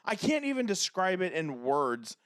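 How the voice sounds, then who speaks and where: Lively high-voiced man laughing through stories. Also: normal speed, clean tone, dry recording, studio quality. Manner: laughs often, swears freely, animated storytelling. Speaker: podcast co-host. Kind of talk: casual chat.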